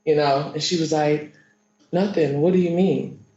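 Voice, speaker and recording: A woman giving courtroom testimony, halting and repeating herself with many fillers. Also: sits low, steady tone, dark tone. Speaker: witness. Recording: echoey muffled courtroom stream.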